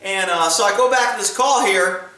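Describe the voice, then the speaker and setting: A man's voice: high voice, moderate pace, bright, forceful tone, very echoey, distant mic, poor audio. A man telling stories from his time as a military police officer in a blunt, casual way, laughing often. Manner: blunt, laughing, acts out voices in quotes. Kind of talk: casual storytelling.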